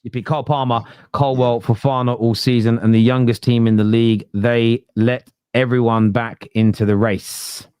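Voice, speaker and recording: A man's voice: medium pitch, moderate pace, hardly any pauses, clean tone, dry recording, clean studio sound. A man, hosting a casual football debate podcast, blunt and talking through stats. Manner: blunt, animated, quotes stats.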